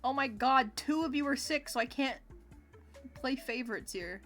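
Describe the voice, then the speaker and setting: A woman livestreaming a video game, chatting casually with her viewers in a giggly, expressive, playfully complaining way. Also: high-pitched, moderate pace. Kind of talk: casual gameplay chat with viewers. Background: faint game music.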